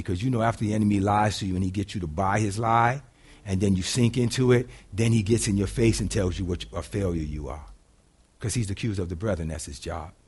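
A middle-aged man preaching a sermon in a casual, folksy way, moving between loud preaching and quiet, hushed storytelling. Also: low voice, slightly rough. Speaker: pastor.

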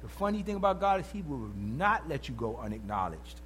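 A man's voice: medium pitch, a little fast, a little hiss or hum. A male preacher giving an emphatic sermon and calling out questions to the congregation. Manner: animated, emphatic, calls out to the congregation.

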